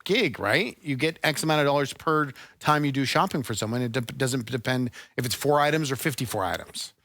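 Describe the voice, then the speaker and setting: A man's voice: medium pitch, fairly quick, no room sound. A man co-hosting a casual podcast, joking and bantering about everyday tech and shopping. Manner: joking, animated, plays with voices. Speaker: co-host.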